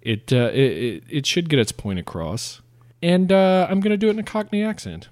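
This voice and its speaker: A man co-hosting a comedy podcast, joking in casual chat and reading verse in a measured cadence. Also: a little high, a little mellow, no room sound, clean studio sound. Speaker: podcast co-host.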